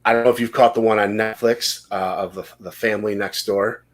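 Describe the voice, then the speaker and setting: A man's voice: on the low side, fairly even intonation, brisk. A man hosting a casual podcast, telling rambling stories and swearing freely. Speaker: podcast host.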